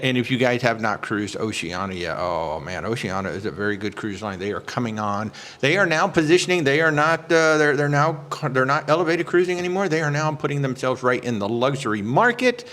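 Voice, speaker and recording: A chatty, excitable man hosts a casual live stream about cruises and greets his viewers by name. His voice sits at an ordinary, middle pitch. He often trails into filler sounds as he searches for words. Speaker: travel agent hosting a live cruise Q&A.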